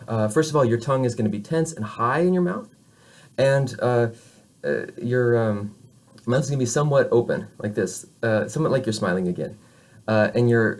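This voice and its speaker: A man's voice: medium pitch, darkish tone. A man whose first language is English, teaching French pronunciation in a recorded lesson, patient and hesitant, with many fillers as he demonstrates vowel sounds. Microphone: camera facing the speaker.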